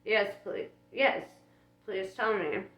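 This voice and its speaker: A woman's voice: medium pitch, slow pace, a bit bright, roomy sound, poor audio. A woman doing a prim, fussy angel. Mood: earnest. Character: fussy, gentle male angel.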